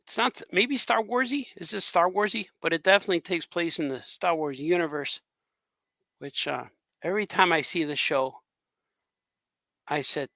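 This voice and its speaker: A man's voice: fairly high pitch, moderate pace, creaky, long pauses, bright, forceful tone, no room sound. A man chatting in a rambling way while drawing on a live stream as a cartoonist host.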